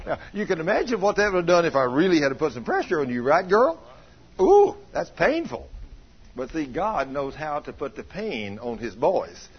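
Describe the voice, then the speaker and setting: A man preaching, telling a homespun story to his congregation, teasing them, dropping to a murmur and then rising to excited exclamations. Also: a little high, normal speed. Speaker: pastor. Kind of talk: folksy storytelling sermon. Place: church sanctuary. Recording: muffled lo-fi church recording.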